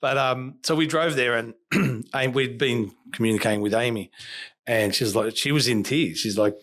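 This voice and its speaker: A man's voice: medium pitch, moderate pace, a bit bright. A man, a boxing coach telling a story on a podcast and acting out the lines of each person in it. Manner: emphatic storyteller who acts out quoted dialogue.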